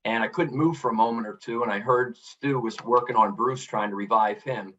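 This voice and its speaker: A middle-aged podcast guest, an author and coach, recounts a personal story in a candid interview, earnest and reflective and frequently starting over with "you know". His mid-range voice is brisk and fairly bright. The audio is dull, with him far from the mic.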